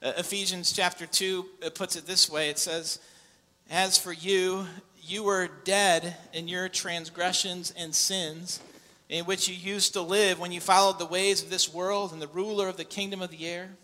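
A man's voice: high-pitched, little pitch movement, normal speed. Preacher man in an echoing hall. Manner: builds to loud impassioned preaching. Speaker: pastor. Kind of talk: sermon. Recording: long echo in a large hall.

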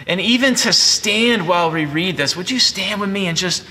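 A man's voice: high voice, normal speed, sharp tone, a little hiss or hum. A man in his forties preaching a sermon as pastor, earnest and conversational with frequent restarts. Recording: long hall reverb.

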